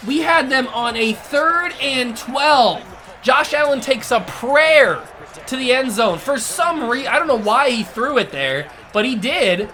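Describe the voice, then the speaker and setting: In an expressive, unhurried way, the gaming channel host rants angrily during live play. His voice moves from shouts to under-the-breath mutters.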